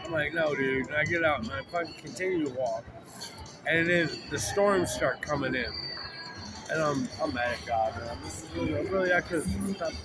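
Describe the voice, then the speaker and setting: Brief: man, slightly high voice, rambling profane storyteller, music clearly behind. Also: moderate pace. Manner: rambling, profane, full of "like" and restarts. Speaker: vlogger.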